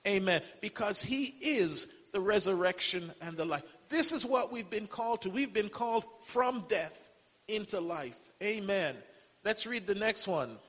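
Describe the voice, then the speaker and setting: A man's voice: high-pitched, animated, a little slow, fairly bright tone. A man preaching a sermon, emphatic, quoting scripture and punctuating with amen. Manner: emphatic, repeats phrases and says amen often; quotes scripture in old-style wording. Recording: long hall reverb.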